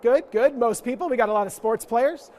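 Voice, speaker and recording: Male guest lecturer, high-pitched, playful and self-deprecating, leading a church forum audience. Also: fairly quick, darkish tone, a little hiss or hum. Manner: playful, self-mocking, joking asides.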